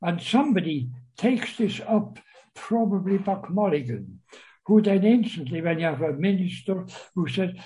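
A man giving a literature lecture, reading quoted lines aloud and explaining them, hesitant with many pauses and fillers. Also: high-pitched, expressive, mellow, rough recording. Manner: slow, hesitant, many uhs, reads quoted lines with raised voice.

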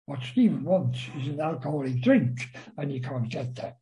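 A man lecturing on a novel, reading passages aloud and commenting on them in a slow, halting way with frequent pauses and fillers. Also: a little high, animated, dark tone, slight background noise, rough recording. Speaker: literature lecturer.

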